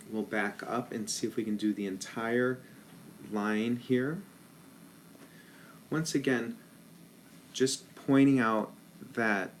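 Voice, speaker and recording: A man's voice: fairly low pitch, a little hiss or hum. A man teaching a rhythm lesson as a band director, patiently counting rhythms aloud in ta syllables.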